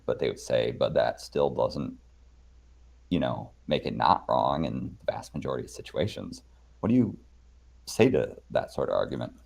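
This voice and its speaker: Man guest, deep husky voice, probing questioner. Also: darkish tone. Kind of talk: casual philosophical chat.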